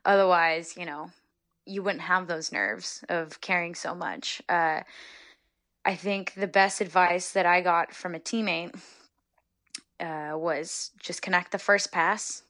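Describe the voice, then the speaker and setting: A young woman from Northern California, a soccer player, chatting as a guest in an interview and retelling stories in a lively, giggly way. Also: on the low side, slow pace, no room sound. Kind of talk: casual interview storytelling.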